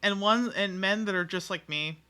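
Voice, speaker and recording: Chatty streamer talking to viewers: bright edge, frequent giggles, loose and profane, self-deprecating. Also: medium pitch, moderate pace, clean tone. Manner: giggly, rambling, swears freely, self-mocking. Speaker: game streamer. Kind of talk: casual live-stream chat with viewers.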